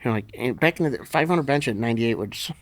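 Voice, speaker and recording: A man's voice: medium pitch, animated, fast talker. Blunt, profane middle-aged man telling stories. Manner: profane, blunt, laughs through his stories. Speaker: podcast guest. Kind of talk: casual storytelling interview.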